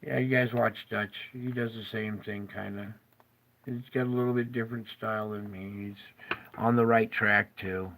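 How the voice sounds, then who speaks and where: A man's voice: lowish voice, vocal fry, a bit bright. A man hosting his own show, rambling in a tired, jokey way and often breaking off his own train of thought. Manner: rambling, jokey and self-interrupting. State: tired, yawning. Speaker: show host. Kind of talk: casual commentary over maps.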